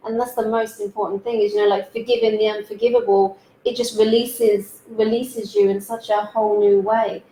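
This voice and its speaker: A woman hosting a casual chat, animated and laughing often, with casual swearing. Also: mid-range voice, normal speed, few pauses, slight background noise. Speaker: fill-in host. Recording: roomy echo.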